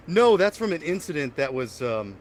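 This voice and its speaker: A young man hosting a casual podcast, telling rambling stories and getting loud and animated when excited. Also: a little high, moderate pace, slight background noise. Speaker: podcast host. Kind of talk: casual chat.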